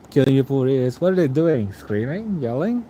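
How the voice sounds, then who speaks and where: A man's voice: medium pitch, sing-song, a little slow, warm tone, a little hiss or hum, low-quality recording. A young man streaming late at night, reading out chat and answering in a rambling, casual way with frequent chuckles.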